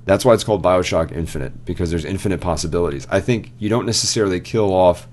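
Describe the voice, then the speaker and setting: Very low-voiced man retelling a game ending. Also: quick pace, a little hiss or hum. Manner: animated retelling, quotes game characters. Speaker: podcast co-host. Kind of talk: casual chat.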